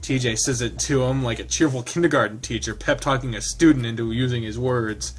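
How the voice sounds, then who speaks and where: A man's voice: mid-range voice, a little fast. A man reading a visual novel aloud and commenting on it casually, laughing and rambling into asides. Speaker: game streamer.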